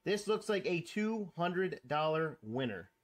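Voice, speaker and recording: Excitable man scratching lottery tickets. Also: a little high, measured pace. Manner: excitable, exclaiming, counting numbers aloud. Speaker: lottery scratch-off channel host. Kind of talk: casual scratch-off commentary.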